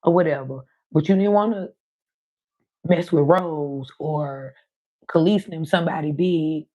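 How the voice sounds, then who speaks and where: A woman's voice: low-pitched, measured pace, mellow, dry recording. An older woman, hosting a live stream and chatting casually, telling stories full of quoted voices.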